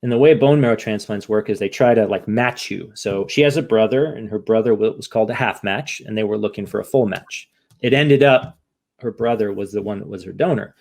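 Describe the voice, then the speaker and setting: A man's voice: lowish voice, a little fast, gravelly, darkish tone. A man from the United States, a podcast guest, speaking candidly and rambling with many restarts in an emotional interview.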